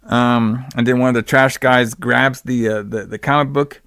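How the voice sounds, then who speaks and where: A man chats loosely on a podcast, recapping a horror movie in slangy, rambling talk. His voice sits at an ordinary middle pitch. The sound is dry and close to the mic. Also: fairly even intonation, moderate pace, vocal fry, fairly bright tone, dry recording. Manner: rambling, slangy, acts out quotes in exaggerated voices. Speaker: podcast host. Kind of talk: casual movie recap chat.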